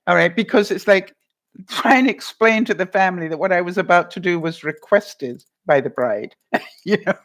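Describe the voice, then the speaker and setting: A woman's voice: lowish voice, moderate pace. Chatty woman vlogger who laughs often. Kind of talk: casual chat answering viewer comments.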